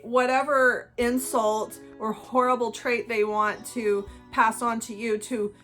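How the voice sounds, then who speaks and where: Taking it slowly with fairly even intonation, a woman with a slightly high, fairly bright voice talks over faint music. She is a channel host explaining things to her viewers in an earnest, conversational solo talk to camera.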